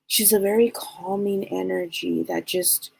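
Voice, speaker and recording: Husky-voiced woman giving a psychic reading. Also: on the low side, steady tone, a little slow, low-quality recording. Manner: gentle, searching for words, relays spirit messages. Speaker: psychic medium, co-host.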